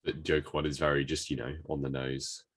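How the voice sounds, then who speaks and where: A man co-hosting a podcast in casual chat, animated, telling anecdotes and joking around. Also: a bass voice, fairly quick, slightly rough. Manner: animated, tells anecdotes, does impressions. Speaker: podcast co-host.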